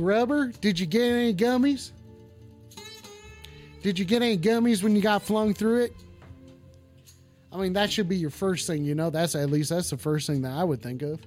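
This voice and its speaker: A man hosting a live call-in stream in character as a touchy, swearing cowboy with a put-on drawl, rambling and reacting to chat. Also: sits high.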